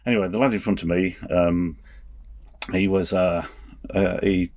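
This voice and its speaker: A middle-aged man telling stories as a podcast guest, speaking haltingly with many restarts and chuckles. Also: low voice, steady tone, darkish tone. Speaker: guest, race official and former soldier. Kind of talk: anecdotal storytelling.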